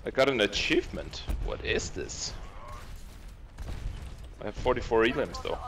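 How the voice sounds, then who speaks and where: A man calls out enemy positions to his team over game voice chat. His pitch moves around a lot and sits mid-range for a man. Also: moderate pace. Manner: steady tactical callouts, joking. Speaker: teammate. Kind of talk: gaming voice chat.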